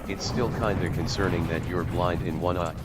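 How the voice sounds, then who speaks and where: A man chatting on a stream, reading out viewer names in a deadpan way. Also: sits low, normal speed, soft background music. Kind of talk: casual chat.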